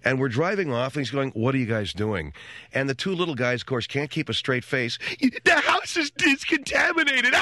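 This middle-aged radio talk show host has a mid-range, somewhat bright voice that is expressive and quick. Wisecracking his way through rambling funny stories, he mimics the voices of the people in them.

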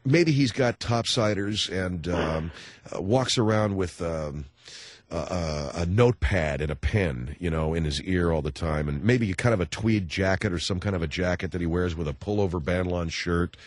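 Rambling male radio host, low voice. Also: no echo. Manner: rambling, halting with many fillers and restarts; jokey, breaks into mocking voices. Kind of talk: talk radio chat with callers.

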